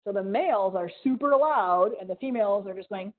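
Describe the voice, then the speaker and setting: A woman's voice: medium pitch, brisk. Ohio lady teaching kids about bugs on a video call, playful, sound effects, tinny phone-ish audio. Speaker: museum educator. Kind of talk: live online science lesson for kids.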